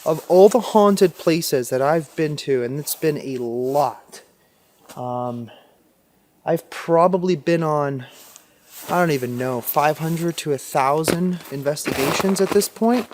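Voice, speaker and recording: A man's voice: a little high, slow pace, a little mellow. A young man vlogging alone at night in a forest as a paranormal investigator, talking to the camera with many filler words. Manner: talks to camera with filler words, often shifting into urgent frightened whispers. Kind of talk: solo night vlog in a forest.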